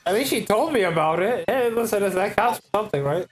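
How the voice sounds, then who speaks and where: Male gamer, high-pitched, stammery and excitable in character. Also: brisk. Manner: excitable, stammering, crude jokey. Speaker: player. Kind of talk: in-character tabletop role-play.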